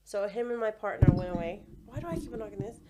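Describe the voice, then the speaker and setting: A woman's voice: medium pitch, quick pace, heavy background noise. A young woman, a midwife guest, talking in a matter-of-fact, explanatory way. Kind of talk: casual chat.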